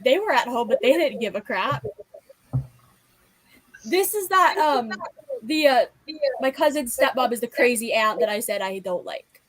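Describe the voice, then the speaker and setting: Chatty young woman, slightly high voice. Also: expressive, unhurried, pauses often, dry recording, low-quality recording. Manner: rambling, heavy use of filler like. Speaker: booktube host. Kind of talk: casual chat.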